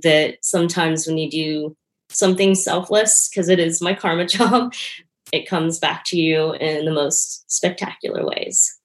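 Low-voiced woman, earnest and reflective. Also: steady tone, measured pace. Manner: earnest and reflective, often laughing lightly. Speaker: interview guest, performance artist and yoga teacher. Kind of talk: casual interview conversation.

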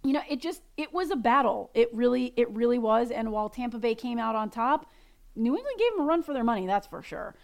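A woman's voice: on the high side, animated, fairly quick, gravelly. A woman co-hosting a casual sports podcast, chatty with frequent fillers. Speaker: podcast co-host.

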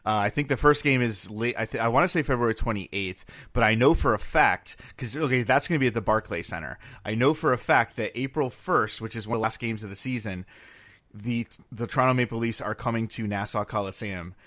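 A man on a sports podcast working through an idea step by step, in a casual and thoughtful way. His voice sits at a medium pitch, and he asks his co-host for his view. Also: fairly quick, fairly bright tone.

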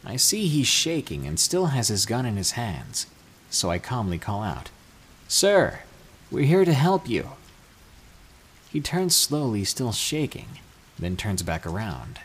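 A man reading true scary stories aloud, with an expressive storytelling delivery. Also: fairly low pitch, a little hiss or hum. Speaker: narrator.

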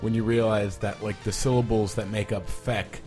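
A man with a lowish voice making his point in a loose, easygoing chat, full of "like" and small restarts. Faint music sits under the talk. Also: moderate pace. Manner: opinionated, relaxed, many "like"s. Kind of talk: casual chat.

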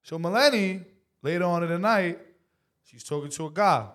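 Man, high voice, podcast co-host, teasing, casual banter. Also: moderate pace, fairly bright tone. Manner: teasing, keeps asking "right?". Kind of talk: casual chat.

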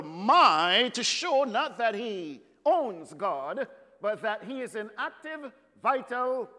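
A man from Trinidad and Tobago, preaching a sermon with dramatic pauses and stretched words and joking with the congregation. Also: high-pitched, fairly bright tone, big-room sound.

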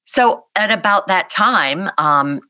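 A woman, telling a personal story as an interview guest in a lively, animated way. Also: mid-range voice, slow, no echo. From South Carolina, US. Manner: animated, vivid storyteller acting out voices. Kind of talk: storytelling in a conversation.

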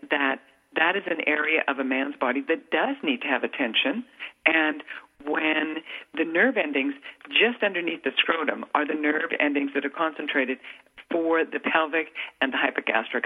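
A woman hosting a radio talk show, chatty and rambling with quick laughs. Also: deep voice, husky. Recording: phone-line quality.

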